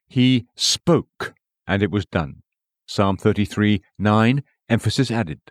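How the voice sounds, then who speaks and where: Man reading a devotional book, lively delivery. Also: medium pitch, dry recording, clean studio sound. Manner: measured reading that voices scripture citations aloud. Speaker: audiobook reader. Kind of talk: scripted narration of a devotional book.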